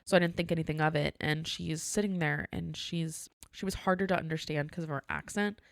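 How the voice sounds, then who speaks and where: Gravelly-voiced woman telling a story. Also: deep voice, fairly quick, dry recording. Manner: animated storyteller, acts out dialogue, laughs often. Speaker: podcast co-host. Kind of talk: casual storytelling chat.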